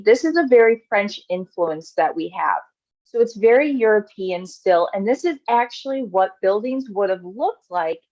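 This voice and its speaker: A woman's voice: on the high side, a little mellow, no room sound, highs cut off. Southern American woman giving a presentation. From United States. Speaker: volunteer presenter. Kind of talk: slide presentation on architecture.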